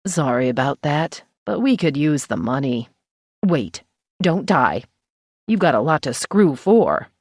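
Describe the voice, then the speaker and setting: A husky, bawdy middle-aged undertaker's wife, voiced by a woman reading an audiobook, drawling her wisecracks slowly. The voice sits low and the recording is dry and close. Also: very animated, no echo, full character voice. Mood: sly teasing. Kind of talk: audiobook character voice.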